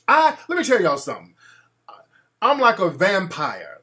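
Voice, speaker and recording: A man's voice: high voice, wildly swooping pitch, normal speed, pauses often, bright, forceful tone. A male talk show host ranting in a brash, profane, mocking way.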